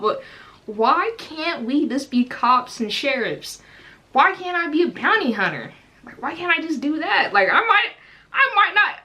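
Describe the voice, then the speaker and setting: A young woman from the United States talks through a casual reaction commentary in a high, lively voice. She fires off rhetorical questions and swings her pitch widely as she goes. Her tone is bright and forward. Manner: animated, rhetorical questions, frequent laughter.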